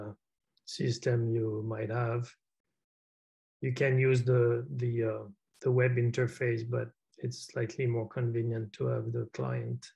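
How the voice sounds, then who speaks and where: A man's voice: medium pitch, creaky, dark tone, low-quality recording. A man chairing a video-call meeting in an easygoing, chatty way, with hesitant fillers. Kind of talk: casual meeting talk.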